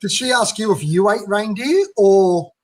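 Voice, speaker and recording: A man's voice: sits high, unhurried, a little hiss or hum. A man hosting a livestream, chatting and asking his guests questions. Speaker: livestream host. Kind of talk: casual chat.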